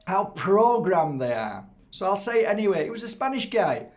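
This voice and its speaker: A man's voice: sits high, big pitch swings, moderate pace. A middle-aged man chatting casually to camera as host, rambling, laughing often and breaking off to fuss over his dog.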